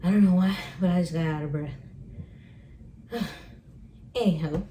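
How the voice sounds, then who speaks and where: A woman's voice: lowish voice, fast talker, mellow, slight background noise. A young woman vlogging casually at home about books and her day. She sounds chatty and upbeat and fills her talk with "like" and "um". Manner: chatty and upbeat, with frequent fillers. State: pregnant. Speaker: book vlogger. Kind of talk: casual vlog chat.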